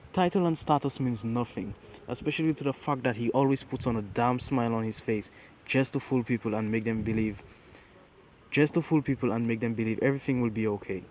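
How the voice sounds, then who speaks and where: A brash, scornful teenage boy, as a storyteller puts him on, blunt and contemptuous, in a mid-pitched voice that stays close to the storyteller's own. Faint hiss behind. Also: darkish tone, close to an everyday voice, low-quality recording.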